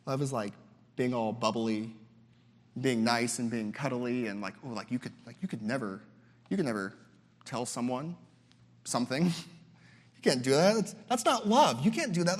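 A young man gives a sermon as a guest preacher, speaking loosely and conversationally, often mimicking other people's voices and repeating words. His voice is medium-pitched, and the recording has a long reverb tail.

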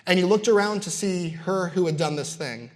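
A man preaches with emphatic, repeating build-ups, breaking into casual asides between points. His voice sits a little higher than most men's. A long reverb trails every phrase, as in a large hall. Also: normal speed. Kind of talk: sermon.

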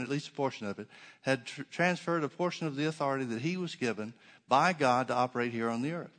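A man's voice: mid-range voice, a bit bright. A man preaching a sermon as pastor, emphatic, with rhetorical questions and dry sarcastic asides.

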